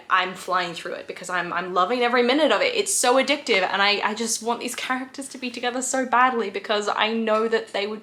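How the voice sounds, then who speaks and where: A woman's voice: mid-range voice, a bit bright. A woman book vlogger talking casually to camera at home, gushing and emotional, teary and stumbling over her words. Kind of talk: casual vlog chat to camera. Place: at home indoors, windy outside.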